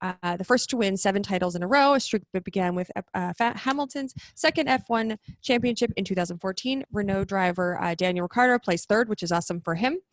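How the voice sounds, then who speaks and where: A woman's voice: mid-range voice, fairly quick, few pauses, no echo. Chatty woman reading racing news. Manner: chatty, enthusiastic, restarts a lot. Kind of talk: casual chat.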